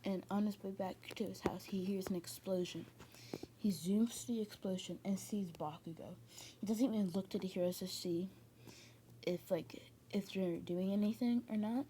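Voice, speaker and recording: A woman's voice: medium pitch, steady tone, moderate pace, warm tone, slight background noise. Rambling casual woman storyteller. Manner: rambling, many fillers and restarts. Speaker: fan fiction storyteller. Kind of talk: casual retelling of a fan story.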